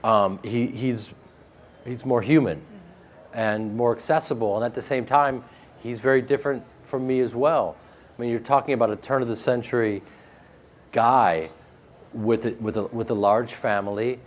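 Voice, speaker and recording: A man with a flat Midwestern American accent, answering interview questions in a casual, joking way and laughing often. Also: medium pitch, moderate pace. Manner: animated, joking, laughs often, with frequent restarts. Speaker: actor being interviewed.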